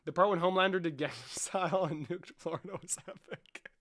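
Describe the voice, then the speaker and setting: A young man talks off the cuff on a livestream, swearing freely and rambling between jokes. His voice sits a little high and has a sharp, bright edge. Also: steady tone, fairly quick. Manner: profane, rambling, loose and joking. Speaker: streamer. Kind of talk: casual livestream chat, answering chat.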